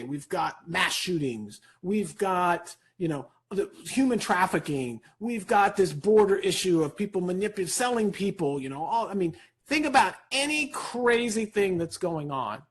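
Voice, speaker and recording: A man speaking as a guest in an interview, giving an energetic motivational talk, animated and rapid, with a husky voice. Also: sits high. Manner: animated, rapid, peppered with "right?".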